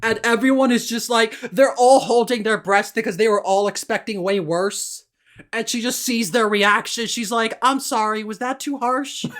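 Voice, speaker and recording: A woman's voice: a little high, steady tone, normal speed. A woman co-hosting a podcast in casual chat, retelling a story with lots of restarts and stumbles. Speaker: podcast co-host.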